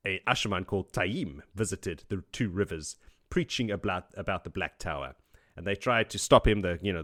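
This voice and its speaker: A man's voice: sits low, a bit bright, dry recording, clean studio sound. A man hosting a podcast, recapping a book chapter by chapter in a casual, joking way with frequent laughs. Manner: joking, chatty, laughs often. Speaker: podcast host.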